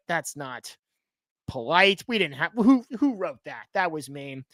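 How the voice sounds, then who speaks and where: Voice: medium pitch, sing-song, unhurried, a bit bright, dry recording. A live show host chatting, plugging a sponsor, with teasing asides and frequent self-interruptions.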